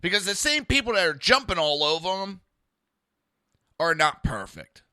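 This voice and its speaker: A man hosting a talk podcast, his voice sharp and tense, fairly high for a man. He rants bluntly and sarcastically, swearing freely and talking to his listeners. The sound is dry and close. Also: big pitch swings, moderate pace, no echo. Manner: blunt, profane and sarcastic ranting; talks to listeners in a live chat. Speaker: podcast host. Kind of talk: live political commentary podcast.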